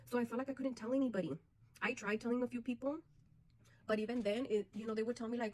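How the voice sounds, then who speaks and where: A woman's voice: fairly high pitch, steady tone, fast, a little mellow, poor audio. A woman vlogger telling a personal story straight to her viewers, earnest and open, often turning to them with "you guys".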